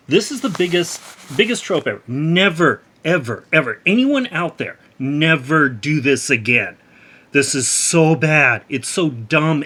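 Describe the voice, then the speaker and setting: A man's voice: mid-range voice, a bit bright. A man giving a casual spoken review of a comic book, exasperated and ranting, with wry laughs and frequent restarts.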